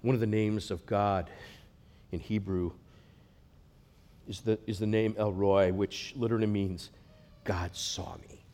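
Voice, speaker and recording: A man preaching a sermon, earnest, rising to loud emphatic passages and dropping to a near hush. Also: on the low side, steady tone, unhurried, pauses often. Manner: earnest, swells loud then drops to a hush. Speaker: pastor.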